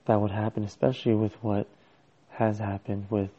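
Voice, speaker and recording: A man's voice: fairly low pitch, flat delivery, moderate pace, mellow, dull audio. A man telling a personal story as a father, in a casual, hesitant and rambling way with many restarts.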